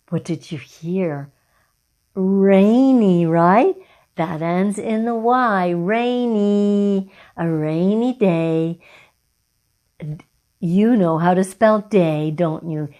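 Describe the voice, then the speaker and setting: A middle-aged woman teaching a children's phonics lesson, talking slowly and clearly and praising the children often. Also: medium pitch, warm tone. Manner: encouraging, slow and clear, with drawn-out words for children.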